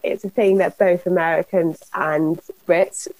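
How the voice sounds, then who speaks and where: A woman hosts a casual podcast interview, laughing easily and asking follow-up questions. Her voice is mellow and warm, and it is recorded close and dry. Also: fairly low pitch, steady tone, a little slow, dry recording, poor audio. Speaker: podcast host.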